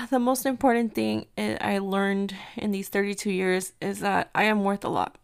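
A woman's voice: medium pitch, fairly even intonation, gravelly, clean tone. A woman in her thirties from the United States, hosting a casual podcast and telling stories in a chatty way, slipping in Spanish phrases. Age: 30s. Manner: chatty storyteller mixing in Spanish phrases, quick bursts and laughs. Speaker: podcast host. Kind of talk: casual chat.

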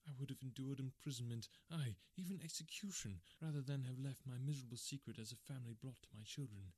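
A man's voice: mid-range voice, fast, a little mellow, husky, dry recording, voice pushed up, natural voice. Man reading as a refined guy in despair, pleading and earnest, dry close sound. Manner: pleading, anguished. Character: desperate, refined male prisoner.

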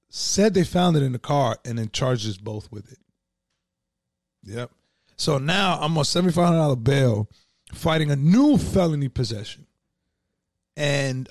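A man's voice: medium pitch, creaky, a little mellow, dry recording, clean studio sound. A man telling his own story in a casual, profane, streetwise way, full of "like" and "you know".

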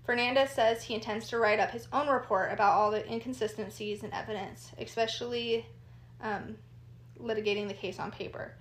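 A woman co-hosting a true crime chat, steadily recounting the details of a case and reading out quotes. Her voice is a little high. The room around her sounds echoey. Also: steady tone, a little fast. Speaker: podcast co-host.

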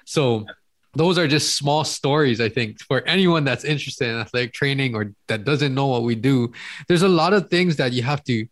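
A man hosting a casual chat, reflecting in a relaxed way and laughing along with his guest. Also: medium pitch, moderate pace. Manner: reflective, laughs along, frequent "you know".

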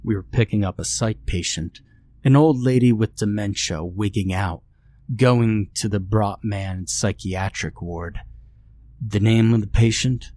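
A man's voice: lowish voice, a little slow, a little mellow, dry recording. A man narrating a horror story in the first person, in a dry, matter-of-fact manner. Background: faint music.

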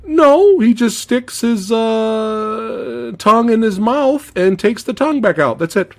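A male podcast host chatting casually about a movie, animated, swearing freely, laughing often and acting out movie lines. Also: extremely high pitch, slow, vocal fry. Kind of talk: casual movie review chat.

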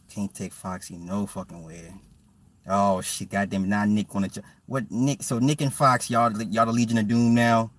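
A man's voice: on the low side, fairly even intonation, measured pace, pauses often, distant mic. A man ranting bluntly and profanely on a casual livestream from his car, often repeating words as he talks to his viewers. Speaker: livestream host.

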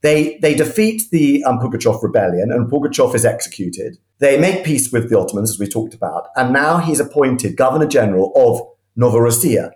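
A man telling history as an animated, enthusiastic storyteller, often restarting his sentences. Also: medium pitch, a little fast, few pauses, roomy sound. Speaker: historian guest.

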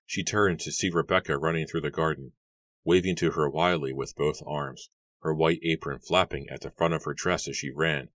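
A man reads an audiobook in an even, steady storytelling manner. His voice is very deep, and the recording is close and dry with no room sound. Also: normal speed, dry recording. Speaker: audiobook narrator. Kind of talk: scripted narration.

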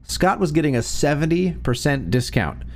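A man narrating an online revenge story in a scripted, expressive storytelling read. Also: on the high side, normal speed, soft background music. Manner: lively, expressive storytelling reading.

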